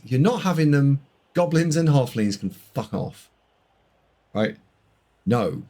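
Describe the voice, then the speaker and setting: A man's voice: medium pitch, darkish tone. A man streaming a board game live, bantering and teasing with his chat in casual commentary.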